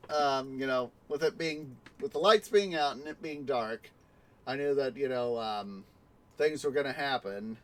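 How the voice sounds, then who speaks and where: With a mid-range voice and a measured pace, a man streams a city-building game. He chats casually, let's-play style, and tells a rambling story packed with fillers and restarts.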